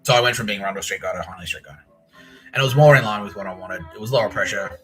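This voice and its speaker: An Australian man hosting a podcast, telling a long rambling story with heavy swearing and quick impressions of the people in it. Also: fairly low pitch, fairly bright tone, faint music behind, low-quality recording. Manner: rambling, profane, mimics people he quotes. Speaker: podcast host. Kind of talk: casual storytelling monologue.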